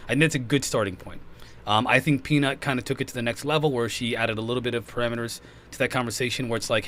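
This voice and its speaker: A man hosting a casual podcast discussion, animated and laughing often, with frequent repeats and restarts. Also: medium pitch, fast, a little hiss or hum. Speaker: podcast host.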